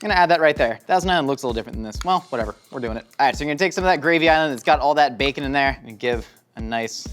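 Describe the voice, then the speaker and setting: A man's voice: mid-range voice, rapid-fire, faint music behind. A young man hosting a cooking show, joking with his crew as he demonstrates a recipe. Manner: jokey, excitable, talks to the crew.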